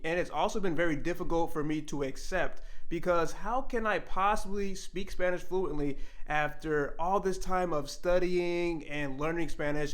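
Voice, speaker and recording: A young man talking earnestly and reflectively to camera in a personal vlog, with pauses and restarts. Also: fairly high pitch, a bit bright. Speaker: language-learning vlogger.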